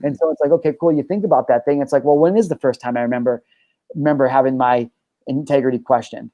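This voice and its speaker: Fast-talking, emphatic, profane male host. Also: mid-range voice, mellow, no echo, lo-fi sound. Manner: emphatic and profane, telling personal stories. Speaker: show host and life coach. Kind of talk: casual podcast conversation.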